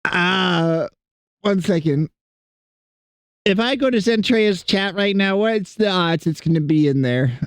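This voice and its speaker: A man's voice: high voice, lively intonation, slow pace, clear, resonant tone, no room sound, clean studio sound. A man streaming and chatting casually with his viewers, rambling and self-deprecating as he greets people in chat.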